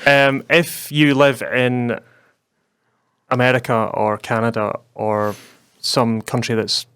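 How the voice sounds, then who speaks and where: A young Scottish man co-hosting a podcast in casual, rambling chat, quick to laugh. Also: mid-range voice, little pitch movement, a bit bright, clean tone, no echo, clean studio sound. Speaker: podcast co-host.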